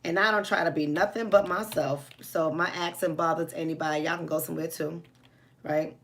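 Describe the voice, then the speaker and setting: A woman's voice: low-pitched, steady tone, brisk, fairly bright tone. Outspoken new york lady live-streaming, talks right to the chat, no filter. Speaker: livestream host.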